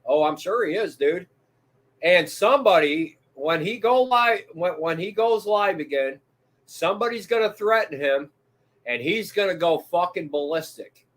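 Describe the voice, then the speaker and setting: A man's voice: sits high, lively intonation, unhurried, a bit bright. A man chatting casually and bluntly, heated and swearing freely. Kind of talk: casual profane chat.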